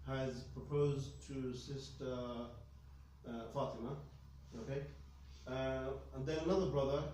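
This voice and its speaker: A man's voice: medium pitch, dark tone, a little hiss or hum. A man teaching a religious lesson to students, emphatic and often checking in with "okay?". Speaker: Islamic studies teacher. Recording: echoey room, mic at a distance.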